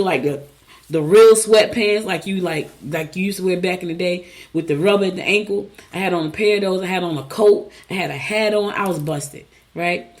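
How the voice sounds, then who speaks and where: Chatty lady radio host doing horoscopes, animated, keeps going off on stories. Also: medium pitch. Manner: animated, chatty, storytelling asides. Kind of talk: casual chatty horoscope reading.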